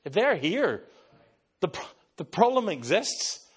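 Husky Irish preacher. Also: male voice, sits high, slow pace. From Ireland. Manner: animated preacher who tells stories and slips into voices. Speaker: pastor. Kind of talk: sermon.

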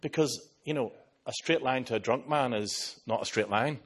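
Preaching at an ordinary pace, this man from Ireland has a husky mid-range voice and an Irish accent. His sermon is full of lively storytelling in which he takes on other people's voices.

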